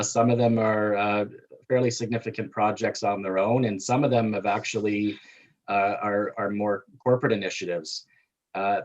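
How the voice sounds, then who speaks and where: A man on city staff answering councillors' questions, halting with many fillers. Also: lowish voice, highs cut off.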